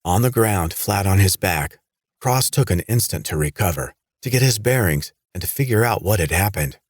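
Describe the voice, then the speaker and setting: A man narrating a horror audiobook with dramatic, lively storytelling. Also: lowish voice, normal speed, husky, dry recording, clean studio sound.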